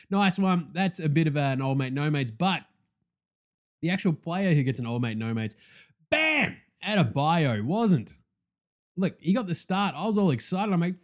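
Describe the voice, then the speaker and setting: Young man, slightly high voice, casual sports podcast host, excitable, profane, loud-to-quiet swings. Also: measured pace.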